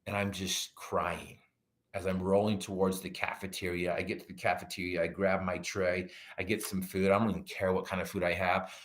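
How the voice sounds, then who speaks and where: A man's voice: low-pitched, little pitch movement, fairly quick. A middle-aged man who is a guest on a podcast, telling a personal story with animation and acting out his own quoted lines.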